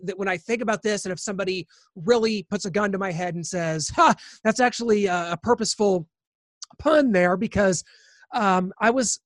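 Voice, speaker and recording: A man's voice: high voice, no room sound. Rambling male podcast co-host, dry sound. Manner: rambling, with many fillers and restarts. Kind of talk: casual storytelling chat.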